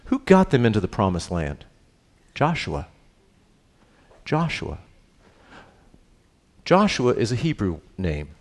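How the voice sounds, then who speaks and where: Teaching scripture like a conversation, the male pastor keeps asking questions and confirming with "right?" as he goes. He alternates between low, earnest stretches and spirited outbursts during his Bible study.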